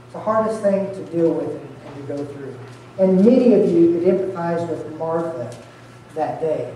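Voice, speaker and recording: A man's voice: fairly high pitch, normal speed, warm tone, recorded from a distance, slight background noise. A man preaching an Easter sermon as pastor, earnestly walking his listeners through scripture verse by verse. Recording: very echoey hall, heard from afar.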